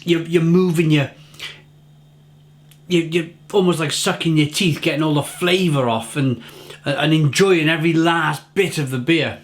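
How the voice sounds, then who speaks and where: A man's voice: a little high, moderate pace. A middle-aged man giving a casual, enthusiastic beer tasting review, often repeating and restarting his words.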